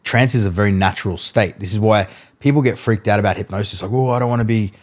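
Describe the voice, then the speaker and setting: A man, a mentalist guest, telling animated stories in casual podcast chat and acting out what people said. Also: on the low side, quick pace. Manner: animated storyteller, acts out quotes, laughs mid-story.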